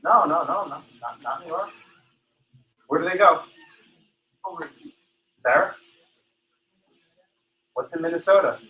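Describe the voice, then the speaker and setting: A law professor leads a Socratic lecture in a classroom, calling on students by name and tagging points with "right?" and "okay?". His voice is a little high, bright, and forceful with a breathy edge, slow with frequent pauses, and the audio is dull.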